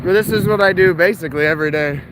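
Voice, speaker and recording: A man's voice: high-pitched, very fast. A man talking casually while walking outdoors, short of breath, blunt and profane with rambling asides. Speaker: street vlogger and storyteller. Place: outdoors on town streets. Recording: outdoor traffic noise.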